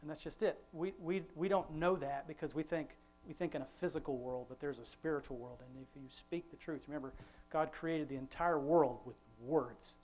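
A man's voice: a little high, a little mellow. Rambling man giving an informal devotional talk. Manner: rambling and conversational, with frequent restarts; quotes scripture in a slowed, emphatic voice. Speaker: father leading a family devotion.

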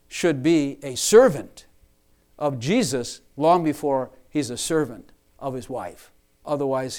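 A man's voice: medium pitch, a little mellow. A man preaching a sermon to his church, emphatic, repeating and rephrasing lines for stress.

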